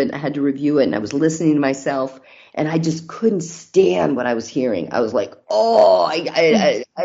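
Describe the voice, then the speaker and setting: A woman's voice: low-pitched, gravelly, mellow, dull audio. A middle-aged married woman speaking candidly as an interview guest, telling personal stories with a faith-based outlook. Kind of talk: casual interview talk.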